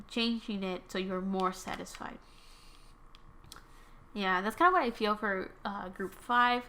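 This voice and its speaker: A woman's voice: mid-range voice, pushed and bright. A woman whose first language is Spanish, giving a casual tarot reading. She rambles, corrects herself and uses many fillers. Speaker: tarot reader.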